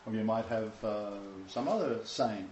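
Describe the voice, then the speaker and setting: Man, informal preacher, lively emphatic delivery, faint room ambience, lo-fi roomy recording. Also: lowish voice, normal speed, a little hiss or hum. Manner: animated, emphatic scripture quoting with restarts. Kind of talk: informal home-group sermon.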